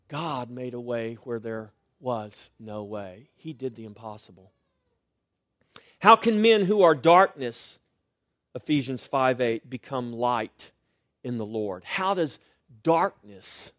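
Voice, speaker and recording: A middle-aged male pastor preaching a sermon, swinging between loud rising lines and quiet, hushed refrains. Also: mid-range voice, expressive, takes it slowly, no echo, studio quality.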